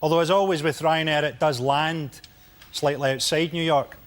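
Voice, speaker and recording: A man's voice: on the high side, fairly even intonation, normal speed. A man on a comedy panel show telling wry, conversational jokes. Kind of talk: stand-up jokes.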